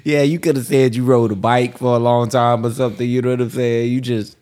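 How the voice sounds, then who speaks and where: A man's voice: mid-range voice, flat delivery, a little mellow. Easygoing man co-hosting a podcast. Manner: easygoing, teasing, quick to laugh. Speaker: podcast co-host. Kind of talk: casual podcast banter.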